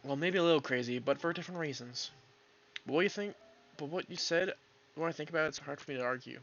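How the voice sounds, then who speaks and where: Man reading a young 1930s detective, earnest and plain. Bright tone, dull recording. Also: fairly high pitch, fast.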